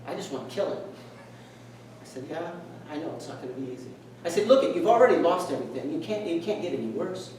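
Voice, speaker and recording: A man's voice: on the high side, darkish tone, slight background noise. Earnest man telling a story in an echoey hall. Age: middle-aged. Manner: earnest, reflective storytelling with quoted dialogue. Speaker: speaker. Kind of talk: storytelling speech. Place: meeting hall. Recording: echoey room, distant mic.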